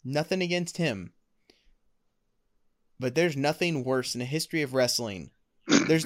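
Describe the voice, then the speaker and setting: A man co-hosting a podcast, chatting casually in a dry, exasperated way. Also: fairly high pitch. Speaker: podcast co-host. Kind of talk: casual chat.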